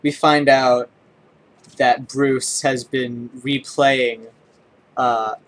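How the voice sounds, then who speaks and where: A young man giving a casual spoken comic book review, enthusiastic but halting, with many ums, uhs and restarts. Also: mid-range voice, steady tone.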